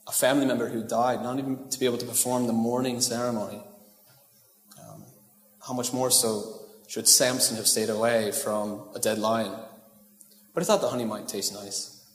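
A man's voice: mid-range voice, fairly even intonation, normal speed. A male pastor giving a casual, joking sermon, often checking in with the congregation. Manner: casual, joking asides, asks the crowd "right?". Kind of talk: conversational sermon. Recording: echoey hall with long reverb.

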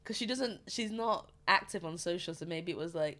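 A woman's voice: on the low side, moderate pace, fairly bright tone. A young woman, chatting casually as a podcast co-host and telling stories with frequent laughter. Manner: chatty storyteller, laughs often. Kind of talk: casual chat.

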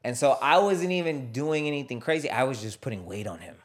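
A man's voice: medium pitch, lively intonation, fairly quick. Brief: young adult man, mid-range voice, fighter and coach guest, loose conversational storyteller who leans on "I was like.". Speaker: guest, fighter and kids' martial arts coach. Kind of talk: casual podcast chat.

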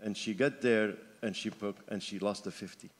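A man in his seventies from Lebanon, preaching a sermon as pastor, rising fervently and then dropping quiet for personal stories. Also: on the low side, fairly even intonation, normal speed. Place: church sanctuary. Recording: long hall reverb with faint music.

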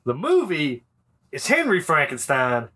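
A man's voice: fairly high pitch, huge pitch swings, unhurried, pushed and bright, husky. A man co-hosting a podcast, recapping an old movie in casual, profane, joking chat. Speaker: podcast co-host.

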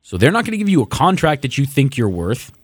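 Fast-talking and very animated, a young man with a medium-pitched voice rants sarcastically on the sports podcast he co-hosts, swearing as his anger builds. The sound is studio quality with no echo.

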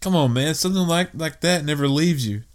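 A man's voice: a little high, a little fast. Laid-back slangy man. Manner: laid-back, slangy, eggs his partner on. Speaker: podcast co-host. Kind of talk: casual comedic banter.

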